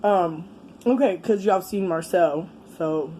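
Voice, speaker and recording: Mellow-voiced woman telling a candid story. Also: lowish voice, slow pace, poor audio. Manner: rambling, candid storytelling with frequent swearing and fillers. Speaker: vlogger. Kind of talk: casual story time while eating. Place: indoors with a fan running. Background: faint fan hum.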